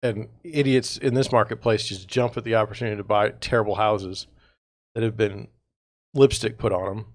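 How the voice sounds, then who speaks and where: A man's voice: on the low side, fairly even intonation, moderate pace, no room sound, clean studio sound. A man hosting a real estate livestream, talking in a rambling, exasperated way with sarcastic asides, sounding tired. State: tired, yawning. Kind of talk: casual livestream monologue.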